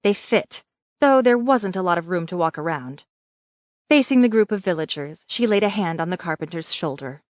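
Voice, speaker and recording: This is scripted audiobook narration by a woman whose pitch is fairly low. She tells the story in a measured, even way, and the studio sound is clean with no echo.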